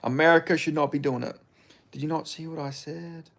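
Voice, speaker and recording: A man's voice: fairly high pitch, steady tone, a little fast, vocal fry, a bit bright. An Australian man streaming and reading chat aloud, with blunt, profane, laid-back banter. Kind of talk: casual livestream chat.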